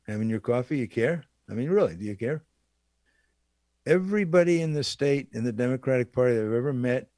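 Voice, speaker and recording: A man delivers an impassioned political speech, piling up rhetorical questions and repeating his key phrases for emphasis. His voice sits at an ordinary male pitch, and the recording is dry and close with no room sound. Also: a little mellow, no room sound. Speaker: political speaker.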